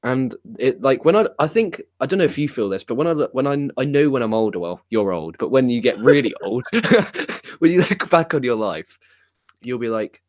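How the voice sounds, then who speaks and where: Excitable crude man, dry sound. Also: mid-range voice, fairly quick, no echo. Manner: excitable, crude, swears freely. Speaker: podcast co-host. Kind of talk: casual chat.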